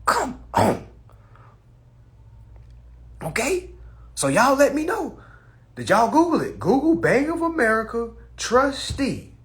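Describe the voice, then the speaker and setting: Dude on a phone livestream, preachy and cussing, voice bouncing up and down a lot. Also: male voice, very high voice, unhurried. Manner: animated, preachy, profane, laughs at his own points. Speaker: livestream host. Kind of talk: casual livestream talk.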